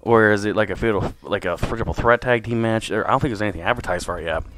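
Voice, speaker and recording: This lowish-voiced young man races through a casual wrestling review on his podcast, speaking fast amid background noise. He rambles excitably, swearing often and leaning on fillers.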